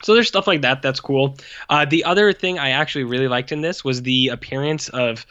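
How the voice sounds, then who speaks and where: A man's voice: medium pitch, a little fast, bright, forceful tone, clean tone, no room sound, dull audio. A man co-hosting a podcast, chatting casually about a movie in a rambling way full of fillers and acted-out quotes. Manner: rambling, filler-heavy, acts out quoted lines. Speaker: podcast co-host. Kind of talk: casual movie review chat.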